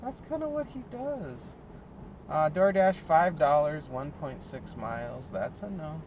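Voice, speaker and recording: A fairly high-voiced American man talks his way through a delivery shift from behind the wheel, a little out of breath. His chat is loose and self-mocking, broken up by laughs. Steady car and road noise runs under his voice. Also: unhurried, muffled recording. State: winded, short of breath. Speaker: delivery driver vlogger. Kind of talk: casual running commentary while driving. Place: inside a car on city streets. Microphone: dash cam or phone mic in car.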